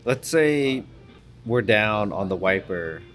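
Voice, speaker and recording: A man's voice: fairly low pitch, animated, slow, a bit bright, faint music behind. A man co-hosting a fishing podcast from a brewery, easygoing and chatty, often repeating himself. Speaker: podcast co-host. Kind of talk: casual chat. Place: brewery taproom.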